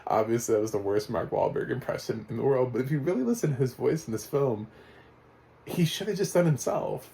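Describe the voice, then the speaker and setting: A man giving a casual, rambling spoken movie review, chatty and quick to laugh. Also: medium pitch, expressive, gravelly, dark tone.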